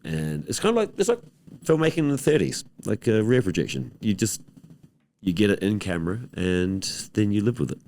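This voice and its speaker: A film director with a New Zealand accent chatting casually in an interview on stage, relaxed and rambling with deadpan jokes. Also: male voice, lowish voice, brisk, a little hiss or hum.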